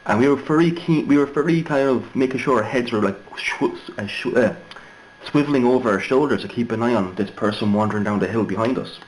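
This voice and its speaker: A man's voice: medium pitch, quick pace, a little hiss or hum, low-quality recording. A young Irishman telling a story casually, rambling and digressive with many fillers and restarts. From Ireland. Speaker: vlogger.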